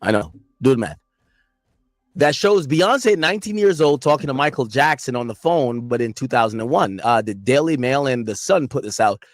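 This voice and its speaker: A man's voice: mid-range voice, expressive, moderate pace, no echo, studio quality, faint music behind. A man streaming a casual reaction, wry and exasperated, talking to his chat.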